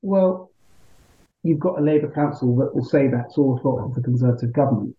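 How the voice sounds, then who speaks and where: A male member of parliament answering interview questions in a measured, argumentative way, often checking in with "right?". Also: mid-range voice, echoey room, lo-fi sound.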